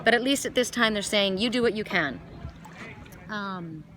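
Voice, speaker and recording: A woman talks her way through an oracle card reading while standing outside by a lake in a wooded glen. She rambles and restarts her sentences often, her pitch sitting in an ordinary middle range. Faint outdoor noise runs behind her. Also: moderate pace, a bit bright. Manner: chatty, rambling, with many restarts. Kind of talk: casual spiritual reading vlog outdoors.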